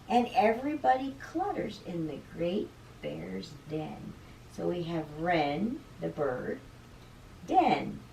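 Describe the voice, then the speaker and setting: A woman reads a picture book aloud to children in an animated way and stops to explain words. Her pitch swings widely and she takes it slowly. The recording is echoey, with the mic well away from her. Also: vocal fry, slight background noise. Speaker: teacher reading to children. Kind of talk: read-aloud storytime. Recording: roomy room, distant mic.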